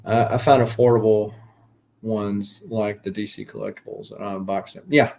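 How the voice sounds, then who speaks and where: A man's voice: on the low side, steady tone, moderate pace, vocal fry, a little mellow. A man with a Southern US accent hosting a casual live stream, rambling with many fillers and restarts as he answers viewer comments. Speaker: collector channel host.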